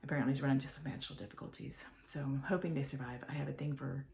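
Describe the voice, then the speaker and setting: Older woman, low voice, gravelly fry, chatty rambling vlog, home office, faint hiss behind. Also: fairly even intonation, rapid-fire, a little mellow. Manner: chatty, meandering, drops to a whisper at times. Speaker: vlogger.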